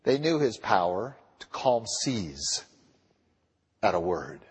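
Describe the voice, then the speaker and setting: Animated husky preacher in an echoing hall. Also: male voice, on the low side, takes it slowly. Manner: animated, repeated rhetorical questions. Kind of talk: sermon. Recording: long reverb of a large hall.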